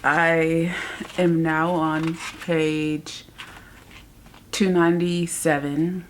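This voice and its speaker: A woman's voice: low-pitched, flat delivery, extremely slow, slight background noise. A woman book vlogger chatting casually about a book she just finished, emotional and rambling, often laughing in exasperation. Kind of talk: casual reading vlog chat.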